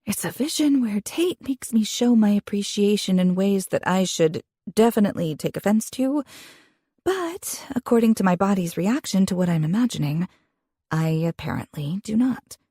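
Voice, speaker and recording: A young woman reading a first-person romance audiobook in an expressive, intimate way, with a husky voice. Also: mid-range voice, normal speed, dry recording, studio quality. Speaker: audiobook narrator.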